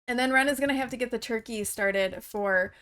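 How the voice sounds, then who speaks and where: A woman giving chatty, casual gameplay commentary with frequent gasps and excited exclamations. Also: a little high, fairly quick. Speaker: let's play host.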